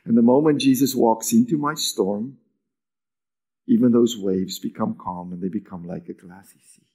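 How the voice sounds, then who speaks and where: Preaching from the pulpit, a man varies between strong emphasis and low, whispery delivery, his voice climbing and brightening as he performs quoted lines. His speed is normal.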